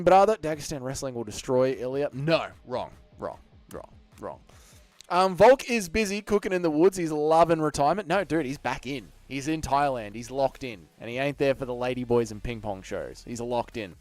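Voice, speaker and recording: An Australian man chats on a livestream, his fairly high voice swinging up and down as he answers viewers in a cheeky, animated way. The sound is dry and close, with quiet music underneath. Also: no echo. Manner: animated and cheeky, swears casually, reads chat aloud and answers it. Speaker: livestream host. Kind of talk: casual livestream chat reacting to viewer comments.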